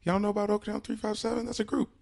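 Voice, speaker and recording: A man's voice: high-pitched, little pitch movement, very fast, gravelly, a little mellow. A man co-hosting a podcast, chatting casually in a rambling, jokey way. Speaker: podcast co-host.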